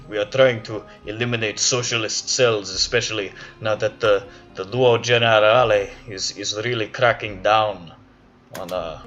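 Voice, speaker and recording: A man voicing a stern fascist police officer with a mock Russian accent, talking slowly and officiously. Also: lowish voice, fairly bright tone, pitched below the performer's own voice, close to an everyday voice. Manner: slow, officious, disdainful. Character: stern fascist Italian police officer, male, middle-aged. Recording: dull lo-fi, faint music.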